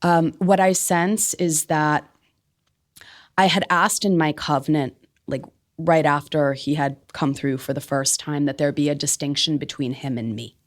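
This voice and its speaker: A woman guest telling an animated personal story in a conversation, laughing often and filling her speech with "like.". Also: deep voice, unhurried. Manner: expressive, laughs often, many "like" fillers. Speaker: podcast guest, spiritual medium.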